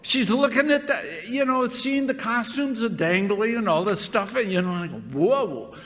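A man's voice: sits high, normal speed, fairly bright tone. A man preaching a sermon, stressing words and repeating phrases. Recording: long reverb of a hall.

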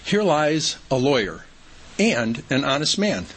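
A man's voice: mid-range voice, sing-song, a little slow, very noisy. A man voicing a small, curious boy who asks innocent, literal questions while telling a story in a sermon. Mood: matter-of-fact.

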